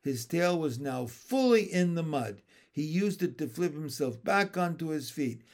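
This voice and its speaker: Male storybook reader, unhurried, slightly high voice, quiet and low-key. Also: expressive. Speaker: audiobook reader. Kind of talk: storybook narration.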